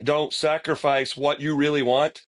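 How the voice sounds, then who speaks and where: A man's voice: on the high side, level tone, a little slow. A man in casual conversation, speaking reflectively and motivationally and checking that his listeners follow. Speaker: podcast co-host.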